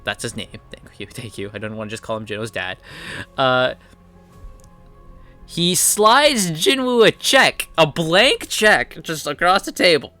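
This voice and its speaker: A man's voice: on the high side, sing-song, a little slow, bright, forceful tone, faint music behind. A man casually recapping comic chapters as a reviewer, retelling scenes by paraphrasing the characters and chuckling along. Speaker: manhwa reviewer.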